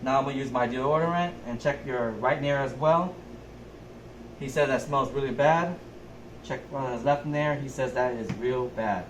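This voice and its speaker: A mid-range male voice at a moderate pace belongs to a young adult nurse. He talks through a physical assessment methodically and step by step, narrating a skills demonstration. The recording has an echoey room sound and faint background noise.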